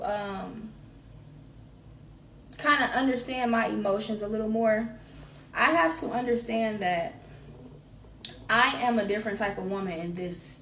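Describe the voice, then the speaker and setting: A woman's voice: medium pitch, fairly bright tone, roomy sound, recorded from a distance, a little hiss or hum. A woman hosting a podcast, talking openly and emphatically about her feelings and repeating phrases to drive her point home. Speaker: podcast host. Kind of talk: personal monologue on healing.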